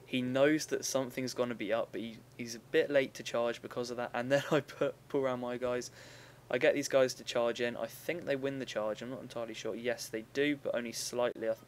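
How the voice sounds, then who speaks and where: A young man talks through a replay of a strategy game battle in a loose, chatty way, often stopping to correct himself. His voice sits at an everyday middle pitch. A faint ambient hum stays under his voice. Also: fairly even intonation, brisk, few pauses. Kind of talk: casual gameplay commentary.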